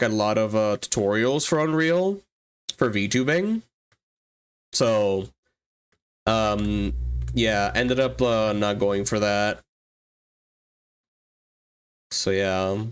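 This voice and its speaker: With a clear, resonant tone, the streamer-artist shoots the breeze, laughing a lot, swearing without hesitation, and climbing in pitch when thrilled.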